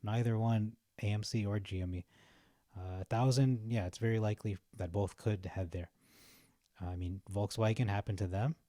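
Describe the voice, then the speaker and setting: A man's voice: fairly low pitch, fairly even intonation, normal speed, dark tone, no echo, clean studio sound. A young man giving casual, rambling commentary on his vlog while browsing, chatty and often laughing at his own jokes. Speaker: stock market vlogger.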